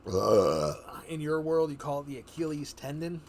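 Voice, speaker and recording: A man's voice: a little high, a little fast, a little hiss or hum. Rambling man telling an adventure tale. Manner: rambling, animated retelling with many fillers and restarts. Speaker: streamer telling a fantasy adventure story. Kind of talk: live-streamed casual storytelling.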